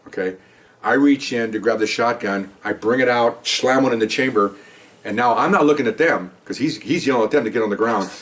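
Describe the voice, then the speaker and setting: Older man, retired cop, rapid casual storytelling, a bit far from the mic. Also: medium pitch, a bit bright. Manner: conversational, frequent "okay?" check-ins, acts out quoted dialogue. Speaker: retired police officer telling stories.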